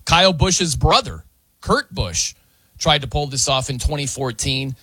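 A man hosting casual sports talk, animated and chatty, sometimes mimicking wrestling announcers. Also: fairly high pitch, measured pace, slightly rough, no echo.

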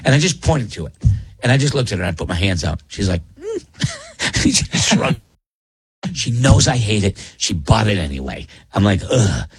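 A man's voice: on the low side, sing-song, brisk, breathy edge. A man hosting a morning radio show, bantering with co-hosts and telling rambling, self-interrupting stories in a jokey tone. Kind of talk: casual on-air banter and storytelling. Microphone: studio broadcast mic.

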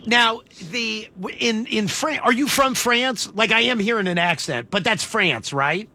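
A man's voice: high-pitched, bright, forceful tone. A man hosting a morning radio show, joking and quizzing a caller in casual banter. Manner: playful, joking, quick questions. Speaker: radio host.

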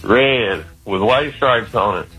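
Arkansas guy calling in, southern accent, bright voice, earnest and kinda rambling. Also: lowish voice, slow pace, soft background music, poor audio. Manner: earnest, informal, trails off in restarts. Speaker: caller. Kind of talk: phone-in conversation.

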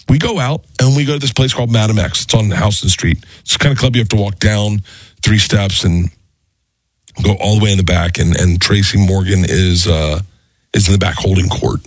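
Husky man telling a rambling story. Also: on the low side, brisk, no echo. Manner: animated, rambling, self-mocking. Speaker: comedian. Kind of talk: casual storytelling chat.

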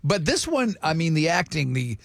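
Excitable rambling radio host, man. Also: on the high side, moderate pace, vocal fry, no room sound, studio quality. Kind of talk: casual morning show banter.

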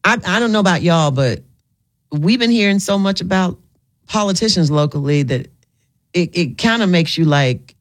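A woman hosts a call-in radio talk show, chatting with callers in a chatty, emphatic way and repeating herself. Her voice is on the low side and animated, at a moderate pace.

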